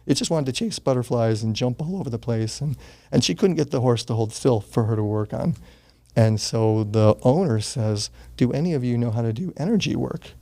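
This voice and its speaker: An older man in his sixties speaks as an interview guest, warm and mellow in tone. He tells his story in a casual, earnest way, with the odd curse word. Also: mid-range voice, brisk, gravelly. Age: 60s. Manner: earnest, gets choked up, swears casually.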